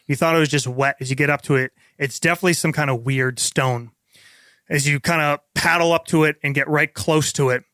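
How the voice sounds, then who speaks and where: A man with a bright, forceful voice narrates a tabletop game as its game master. He paints vivid scenes in a casual way, with fillers and restarts, his pitch a little high for a man. The sound is dry and close to the mic. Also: no echo.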